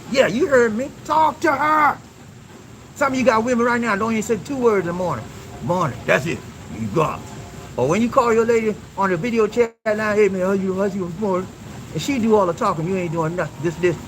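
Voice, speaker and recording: A man's voice: high voice, fairly bright tone, slight background noise, rough recording. A man hosting a relationship advice talk, preaching emphatically to his viewers with call-and-response questions and repeated lines.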